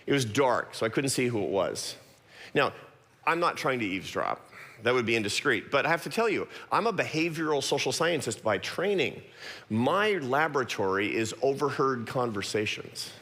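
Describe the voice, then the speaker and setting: A middle-aged man giving a talk to an audience, telling a personal story with quick self-deprecating asides. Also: medium pitch, big pitch swings, a bit bright. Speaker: guest speaker. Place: large church auditorium. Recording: long hall reverb.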